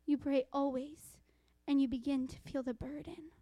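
High-voiced woman preaching a sermon. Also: steady tone, no room sound. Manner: dramatic hushed whispers for emphasis; quotes scripture in a slow, deliberate voice.

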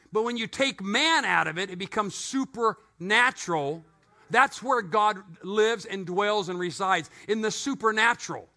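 Lively bright-voiced male preacher. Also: high voice. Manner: animated storytelling with joking asides. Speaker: pastor. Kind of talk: sermon.

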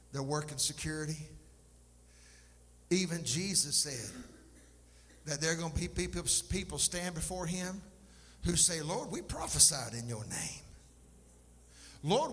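With a medium-pitched, fairly bright voice, a pastor delivers an impassioned, emphatic sermon punctuated by folksy asides to his flock. The live sanctuary recording has long reverb and faint noise underneath.

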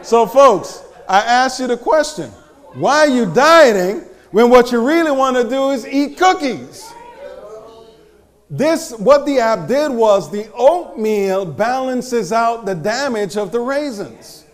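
A man giving a live talk to an audience, animated and joking, teasing the crowd as he goes. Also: very high voice, slow. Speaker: speaker presenting to an audience.

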